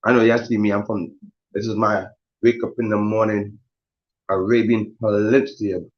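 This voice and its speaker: A man's voice: fairly low pitch, flat delivery, normal speed, muffled recording. A man hosting a casual morning live stream, talking in loose slang, swearing and greeting his viewers by name.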